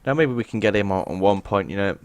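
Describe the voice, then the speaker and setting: Sarcastic young English man, low voice. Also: fast talker, dry recording. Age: young adult. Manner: sarcastic, swears, mimics callers. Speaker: podcast co-host. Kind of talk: casual chat.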